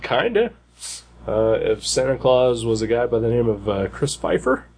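Podcast co-host, male, gravelly, hesitant rambler, mid pitch. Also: sing-song, moderate pace, darkish tone. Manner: rambling, hesitant, many fillers. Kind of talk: casual chat.

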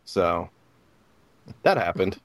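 A man co-hosting a casual gaming podcast, talking in an animated, mock-exasperated way. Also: deep voice, slow, no room sound. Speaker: podcast co-host. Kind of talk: casual chat.

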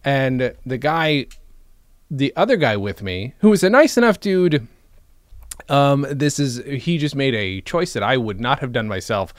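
A man in casual conversation, telling a long story and stopping often to qualify what he means. His voice sits in a middle pitch, and the recording is dry and close, with no room sound. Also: big pitch swings, unhurried, no room sound. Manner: rambling, self-qualifying storyteller. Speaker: podcast co-host. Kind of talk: casual chat.

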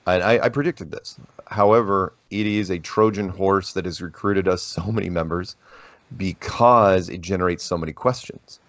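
Deep-voiced man telling stories in an interview. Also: normal speed, no echo. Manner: rambling, animated storytelling with restarts. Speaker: interview guest. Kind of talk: casual interview talk. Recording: dull lo-fi dry audio.

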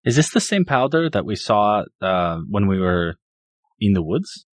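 A man playing a tabletop game who talks in a halting, rambling way, full of restarts. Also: lowish voice, sing-song, dry recording, clean studio sound. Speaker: player. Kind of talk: casual tabletop game play.

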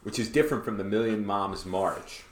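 A man co-hosting a podcast in casual chat. He is excitable, laughs often and his voice leaps up when he tells a story. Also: normal speed. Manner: excitable, laughs often, pitch jumps way up when telling stories. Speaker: podcast co-host. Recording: roomy echo.

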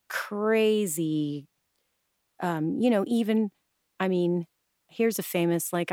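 A woman's voice: on the low side, darkish tone, no room sound, studio quality. A woman guest chatting animatedly in an interview, with many restarts and acted-out quotes. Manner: acts out quoted voices. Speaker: guest, improv coach and stylist. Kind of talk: casual interview chat.

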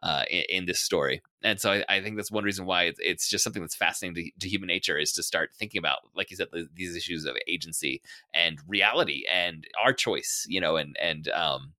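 A man's voice: deep voice, brisk, hardly any pauses, bright, forceful tone, no room sound. A man hosting a podcast in casual chat, rambling with fillers and restarts. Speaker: podcast host.

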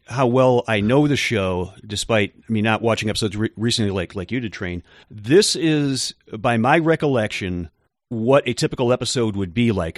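A man co-hosting a podcast, who explains things in a measured way with some filler words. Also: mid-range voice, no room sound, clean studio sound. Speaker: podcast co-host. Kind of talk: casual chat.

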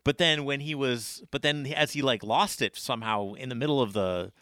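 A man co-hosting a podcast in casual chat, animated and emphatic. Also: medium pitch, normal speed, dry recording. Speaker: podcast co-host.

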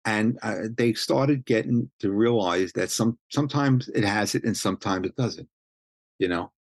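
Gravelly, low-voiced older New man. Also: normal speed, no echo. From Brooklyn, New York. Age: 70s. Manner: rambling, full of restarts and you-knows. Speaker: interviewee, street photographer. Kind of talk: casual storytelling chat.

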